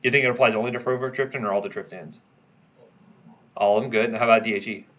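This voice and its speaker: Low-voiced man leading a review lecture. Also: steady tone, quick pace, fairly bright tone, lo-fi sound. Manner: quizzes students, tags lines with "right?". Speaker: pharmacology instructor.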